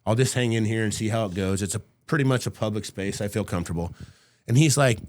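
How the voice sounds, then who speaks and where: A man's voice: lowish voice, fast talker. A middle-aged man, a podcast guest, telling a story casually and vividly, acting out the people he quotes and swearing freely. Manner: casual and profane.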